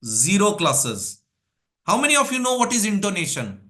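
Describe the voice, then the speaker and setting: High, bright-voiced coach. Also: male voice, fast. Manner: energetic, drills points with rhetorical questions and lists. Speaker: English speaking coach. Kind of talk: live workshop teaching.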